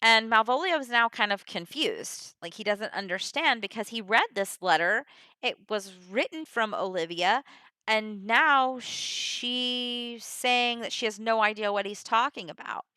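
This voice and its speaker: A woman's voice: a little high, animated, measured pace, sharp tone, clean tone, no room sound. A woman casually summarizing the plot of a play, chatty and full of filler words. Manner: chatty, full of 'you know' and 'like'.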